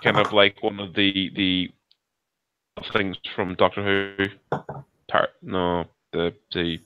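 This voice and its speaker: A man co-hosting a podcast over a video call, talking in a halting, rambling way with many restarts. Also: low-pitched, little pitch movement, pushed and bright, clear, resonant tone, dry recording. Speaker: podcast co-host. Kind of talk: casual chat. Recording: muffled lo-fi call audio.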